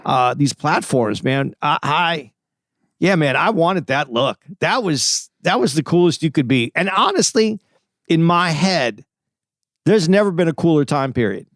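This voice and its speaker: A man's voice: fairly high pitch, lively intonation, a little slow, fairly bright tone, dry recording. Man reminiscing in a dry podcast chat. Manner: reflective storytelling, many restarts. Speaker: podcast co-host.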